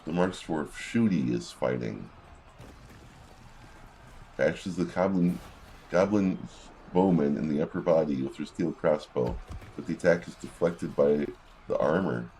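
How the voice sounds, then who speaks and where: A man's voice: very deep voice, measured pace, long pauses, mellow, a little hiss or hum. A man giving casual gameplay commentary, reading in-game combat logs aloud with wry asides.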